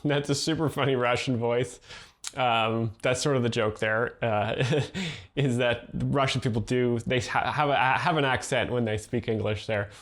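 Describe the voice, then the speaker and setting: A man explaining jokes in a flat, deadpan way, hesitating with ums and uhs. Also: medium pitch, normal speed. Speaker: joke explainer host.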